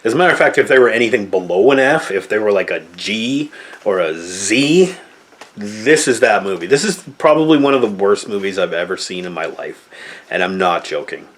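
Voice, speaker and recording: A man's voice: on the low side, animated, a little fast. A man giving a casual movie review, blunt and exasperated, swearing freely as he complains.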